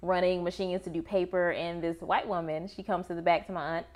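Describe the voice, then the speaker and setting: A woman guest on a podcast, telling a personal story in a lively way and acting out the people in it. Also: lowish voice, brisk. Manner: lively storyteller, acts out quoted voices. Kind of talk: casual podcast chat.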